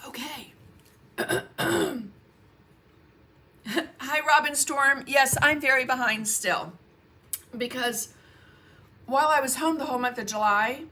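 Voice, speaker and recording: A woman's voice: high voice, slow, long pauses, bright, forceful tone. A woman painting teacher chatting casually on her livestream, greeting viewers by name and laughing often. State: coughing, frog in her throat. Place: home painting studio.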